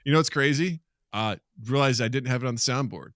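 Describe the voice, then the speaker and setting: A man's voice: mid-range voice, fast, no echo, studio quality. A man in his thirties co-hosting a casual podcast, telling stories and acting out the people he quotes. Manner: animated storyteller, acts out quotes. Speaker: podcast co-host. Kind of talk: casual chat.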